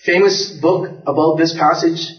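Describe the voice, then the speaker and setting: A man's voice: fairly high pitch, level tone, a little slow. Pastor guy preaching, earnest, keeps repeating himself, kinda far off mic, dull muffled sound. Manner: earnest storytelling preacher, repeats words and restarts. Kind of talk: sermon. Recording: echoey, distant, dull church recording.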